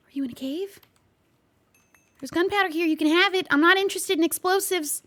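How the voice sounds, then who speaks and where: A woman streaming a game, chatting and playing along with an unseen visitor, easily startled and quick to gasp and laugh. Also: extremely high pitch, fairly bright tone. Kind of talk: casual gameplay commentary with light role-play.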